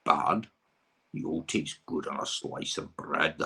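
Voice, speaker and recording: A man putting on a slow, gruff voice for a storybook monster. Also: a bass voice, pushed and bright, pitched below the performer's own voice, heavily acted. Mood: menacing.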